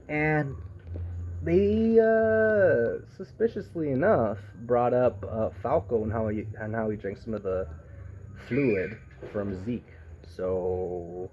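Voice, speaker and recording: Excitable, foul-mouthed man reviewing anime. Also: mid-range voice, slow, lo-fi sound, a little hiss or hum. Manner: profane, rambling, excitable. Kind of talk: casual review rant.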